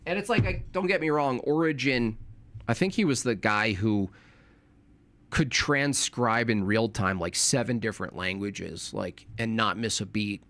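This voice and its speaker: A man's voice: on the low side, measured pace, fairly bright tone, dry recording. A young man talking casually on a live stream, rambling and correcting himself, with informal slang.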